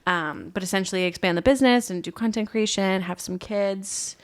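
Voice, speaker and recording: A woman's voice: medium pitch, a little fast. Teasing, chatty woman in her thirties for a casual podcast; mid-range voice, rambling delivery. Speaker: podcast co-host. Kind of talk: casual chat.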